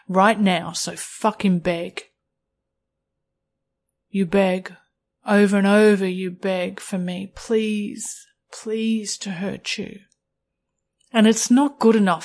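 A woman narrates an erotic story addressed straight to the listener. She speaks slowly and deliberately, with a firm, commanding edge. Her voice sits at an ordinary middle pitch. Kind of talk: second-person erotic narration.

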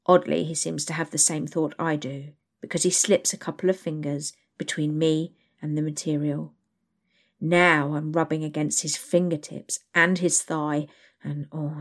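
A woman reading a first-person erotic story aloud in a hushed, intimate storytelling manner. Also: low voice. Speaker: narrator.

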